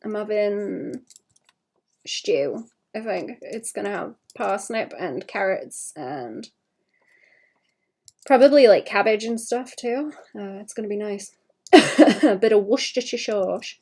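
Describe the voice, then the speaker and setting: A woman's voice: medium pitch, lively intonation, takes it slowly, dark tone. A woman chatting casually to her stream while drawing, with a slight cough. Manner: chatty, rambling, talks to chat between drawing. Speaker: livestreaming illustrator.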